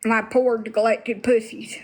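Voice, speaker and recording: A woman's voice: on the high side, little pitch movement, takes it slowly. Blunt woman livestreaming. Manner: blunt, swears freely, talks to viewers. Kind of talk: casual livestream chat.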